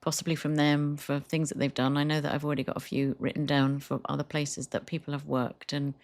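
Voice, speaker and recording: A middle-aged woman co-hosting a podcast, chatting casually and telling lively stories, acting out what customers said. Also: sits low, a little fast. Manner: chatty storyteller, acts out customers' lines. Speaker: podcast co-host. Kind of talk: casual chat.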